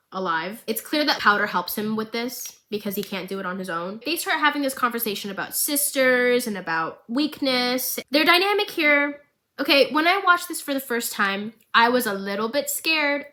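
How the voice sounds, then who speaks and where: An excitable woman vlogger tells a recap with jokes and plenty of drama. Her voice sits a little high and sounds bright and sharp. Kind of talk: chatty animated-show recap.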